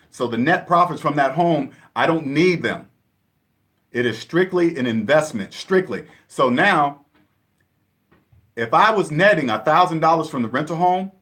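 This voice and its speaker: Man, emphatic repetitive lecturer, casual vlog delivery, slightly raised pitch. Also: a bit bright. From Seattle area, USA. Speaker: personal finance vlogger. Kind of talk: casual monologue to camera.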